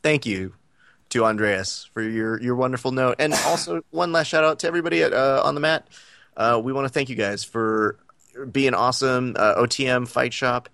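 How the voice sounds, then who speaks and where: A man's voice: mid-range voice, moderate pace, creaky, a bit bright. A man co-hosting a podcast, chatting casually and rambling with many fillers. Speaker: podcast co-host. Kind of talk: casual chat.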